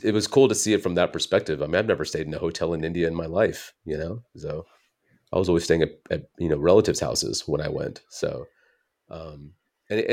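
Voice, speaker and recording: US comedian with a deep low voice, chatty and self-correcting as he tells stories. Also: darkish tone. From United States. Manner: rambling, self-correcting storyteller. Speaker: comedian guest. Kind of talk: casual interview chat.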